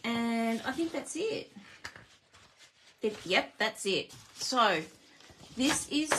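A bubbly Australian woman with a slightly high voice runs a live card-making lesson from her craft room. She chats eagerly with viewers as she shows each step, excited by every little detail. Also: drawn-out words, slight background noise. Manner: bubbly, chatty and easily excited.

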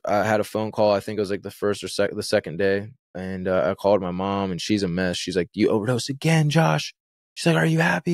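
A man's voice: lowish voice, no echo, clean studio sound. A man, a podcast guest, talking through a personal story in a rambling, casual way, full of fillers and slang. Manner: rambling, filler-heavy, slangy with frequent "like" and "bro".

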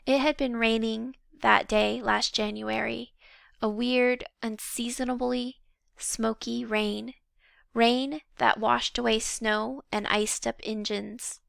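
Woman storyteller, audiobook read, gravelly and bright, dry close sound. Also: fairly high pitch, fairly even intonation, takes it slowly, no echo. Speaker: audiobook reader. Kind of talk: storybook narration.

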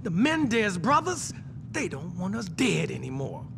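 A man's voice: high-pitched, huge pitch swings, a little slow, creaky, noisy background, heavily acted. An actor playing a brash, hot-headed young male gangster in a video game cutscene, cocky and defensive. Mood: shifty.

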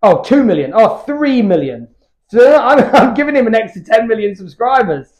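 A man's voice: extremely high pitch, very animated, normal speed, a little mellow. A British man chatting candidly between workout sets in his home gym, rambling and swearing freely. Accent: British English. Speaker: fitness YouTuber.

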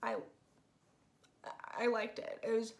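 Woman host, fairly high voice, casual spoiler review, excitable and gushing, filler-heavy. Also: slow, gravelly. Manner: gushing, excitable, says "like" constantly. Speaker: movie reviewer.

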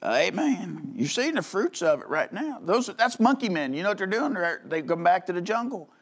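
Male pastor, high voice, fiery pulpit delivery with lots of call-and-response. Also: sing-song, normal speed. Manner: emphatic preaching with frequent call-outs for agreement; swings between low rumbling asides and loud high outbursts. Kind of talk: fiery sermon.

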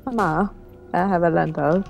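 A woman's voice: on the low side, moderate pace, vocal fry, music in the background, rough recording. A woman doing a polite, starving waif. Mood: pleading. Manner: pleading, timid.

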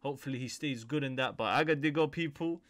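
A man's voice: medium pitch, fast talker, fairly bright tone. A young man, hosting a casual music reaction video in slangy, chatty talk that often repeats itself. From United Kingdom.

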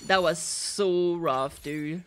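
A woman streaming live as she pulls in a gacha game, reacting dramatically, swinging from squealing shouts to dejected mumbles while chatting to her viewers. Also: on the low side, very slow, smooth, faint music behind. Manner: chats to viewers. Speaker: full-time streamer.

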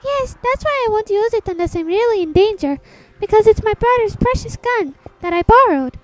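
Woman playing a polite young girl, gentle and very high, game dub. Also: lively intonation, normal speed, dry recording. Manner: soft and courteous.

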